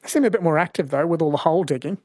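An Australian man hosts a late-night radio talkback quiz, friendly and chatty. His voice sits a little high, and it is close and dry in the studio. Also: racing, darkish tone, no room sound. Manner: friendly, chatty, reads out listener messages.

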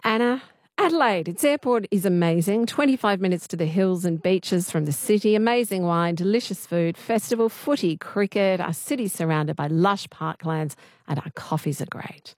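A woman hosting a radio quiz, chatty and quick to laugh. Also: fairly low pitch, a little mellow, no room sound, clean studio sound. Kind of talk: casual talkback radio chat.

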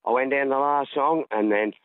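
A man with an Australian accent calling in to a radio show, telling a story in an excitable, rambling way. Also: mid-range voice, moderate pace, no room sound. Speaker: caller. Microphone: phone. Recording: phone line.

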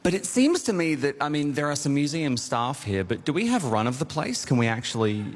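A man's voice: a little high, big pitch swings, a little fast, in a large hall. A man, a film guest, chatting playfully and joking at a live radio event. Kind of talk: casual chat.

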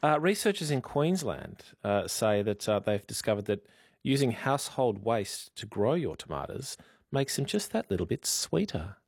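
A man's voice: mid-range voice, big pitch swings, moderate pace, gravelly, breathy edge, no echo. A man reading news items on radio and bantering with his co-host in the studio. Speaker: radio newsreader. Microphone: studio microphone.

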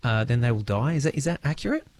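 A man's voice: mid-range voice, animated, rapid-fire, darkish tone. Australian man hosting morning radio. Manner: conversational, probing questions. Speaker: radio host. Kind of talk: live radio interview.

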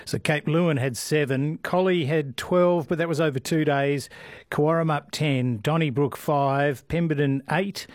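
Higher-voiced Australian radio presenter. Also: male voice, steady tone, a little slow, a little mellow, no room sound, clean studio sound. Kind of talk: reading results and introducing a report.

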